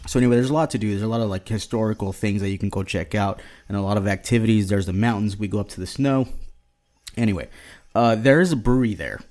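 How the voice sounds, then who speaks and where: Rambling man, low voice, podcast chat. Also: fast, darkish tone. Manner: rambling, many restarts and fillers. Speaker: podcast co-host. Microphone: podcast mic at home.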